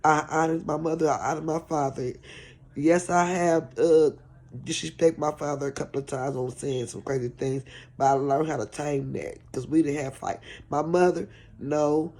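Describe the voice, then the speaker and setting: Gravelly, husky middle-aged woman preaching compassion. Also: sits low, steady tone, moderate pace, mellow. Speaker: caregiver vlogger. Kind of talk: heartfelt preachy vlog talk.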